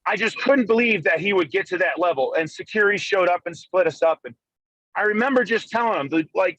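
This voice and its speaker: Sex: man. Pitch: high. Mic: phone call from a moving car. Sound: dry, close. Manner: profane, animated storyteller. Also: fairly quick, no echo. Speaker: guest arm wrestler.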